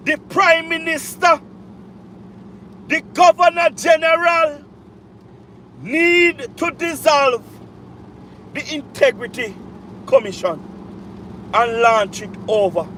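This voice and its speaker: A man's voice: very high-pitched, fairly bright tone, slight background noise. A Jamaican man giving an impassioned political rant on a live stream, repeating phrases with heavy emphasis. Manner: repetitive, emphatic, drawn-out phrases.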